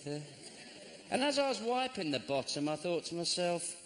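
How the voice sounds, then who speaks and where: A middle-aged man doing stand-up comedy, with a dry, sardonic delivery that jumps into squeaky mock voices. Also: very animated, normal speed, slight background noise. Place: theatre stage. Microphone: stage microphone. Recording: live show with loud audience ambience.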